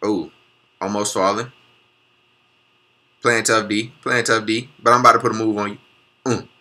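A young man hosting a reaction video, excitable and slangy, talking back at the clips he watches. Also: fairly low pitch, normal speed. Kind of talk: hyped casual commentary.

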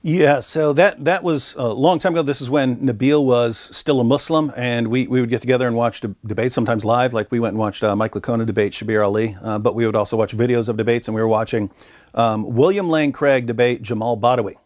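A man being interviewed at a conference, telling stories in a lively conversational way and acting out the voices he quotes. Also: medium pitch, a little fast, no room sound, clean studio sound. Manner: animated storyteller, acts out quoted voices. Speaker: guest, Christian apologist. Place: conference venue.

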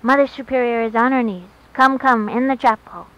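A woman's voice: fairly high pitch, fairly even intonation, a little fast, a bit bright, close to an everyday voice. A woman doing a wheezing sour old nun. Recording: dull lo-fi recording, faint hiss.

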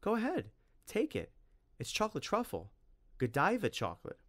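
A man voicing a sweet young girl who coaxes in a high voice, in a storybook reading. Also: huge pitch swings, normal speed, dry recording, exaggerated voice. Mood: coaxing.

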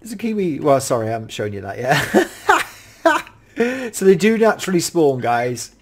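A British man giving casual, excitable gameplay commentary as a YouTube reviewer, often gasping and exclaiming in wonder. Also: medium pitch, normal speed. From United Kingdom.

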